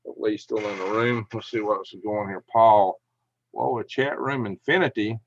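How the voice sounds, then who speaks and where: A middle-aged man with a gravelly, creaky voice hosts a casual livestream from home, reading out viewer comments and answering them in a folksy, chuckling way. The sound is dry and a little dull, like a lo-fi home mic. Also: on the low side, fairly even intonation, normal speed, dry recording. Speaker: livestream host.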